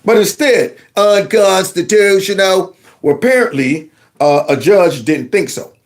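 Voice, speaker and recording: A man with a fairly high voice hosts a commentary show and talks back to news clips. He is sarcastic and mocking, firing off rhetorical questions in loose, colloquial speech. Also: sing-song, normal speed. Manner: casual colloquial speech with y'all. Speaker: political commentary host.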